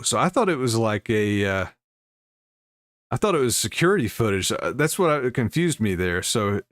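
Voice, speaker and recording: A man on a livestream, casually reading news stories aloud and breaking off with laughing asides to his chat. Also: mid-range voice.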